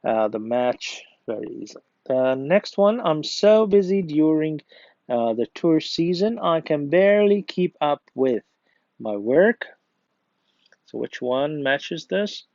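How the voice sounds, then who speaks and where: Patient male English teacher, gravelly voice. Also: a little high, big pitch swings, takes it slowly, darkish tone, dry recording. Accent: Egyptian. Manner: patient, encouraging, reads exercises aloud. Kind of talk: classroom grammar lesson. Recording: dull lo-fi dry recording.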